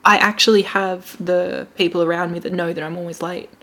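A woman's voice: lowish voice, fairly even intonation, fairly quick, fairly bright tone. A young woman in casual chat, agreeable and giggly. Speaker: co-host.

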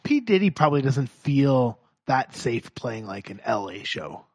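A man jumps into a casual comedy chat with quick remarks and frequent laughter. His voice is husky, and his pitch moves up and down in a lively way. The sound is dry and close. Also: no echo. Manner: laughs often, short interjections. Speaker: podcast co-host.

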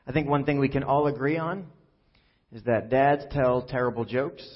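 A man's voice: mid-range voice, moderate pace. A man preaching a sermon as pastor, conversational and joking, with many fillers. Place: church hall. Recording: echoey hall, dull sound.

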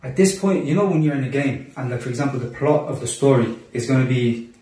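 Fast-talking young man, roomy and distant. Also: medium pitch. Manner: animated, acts out quotes, many restarts. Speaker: guest telling a personal story. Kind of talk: casual storytelling among friends. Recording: roomy echo, distant mic.

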